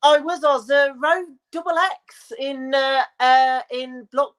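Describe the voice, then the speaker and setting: A woman calling in to a fan phone-in, speaking haltingly with many restarts and repeated words. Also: high-pitched, a bit bright.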